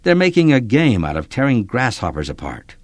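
A man's voice: medium pitch, huge pitch swings, fairly quick, dry recording. An earnest, tender-hearted boy in a storybook, as a man reading aloud puts him on. The lines rise and fall with feeling, and the voice is close and dry, with no room sound. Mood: glum. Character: gentle boy who loves small creatures.

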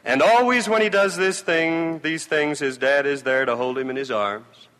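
A man's voice: on the high side, normal speed, a bit bright. A man giving a sermon address and telling a story of testimony. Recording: reverberant hall recording.

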